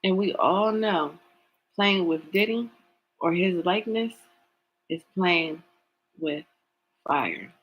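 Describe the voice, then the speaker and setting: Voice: mid-range voice, slow pace, pauses often, lo-fi sound, a little hiss or hum. A tarot reader giving an opinionated commentary, talking emphatically, repeating words for stress and asking pointed rhetorical questions.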